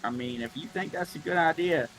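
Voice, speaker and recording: A man playing a tabletop game, asking hesitant questions with halting restarts. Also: a little high, a bit bright, rough recording. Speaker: player.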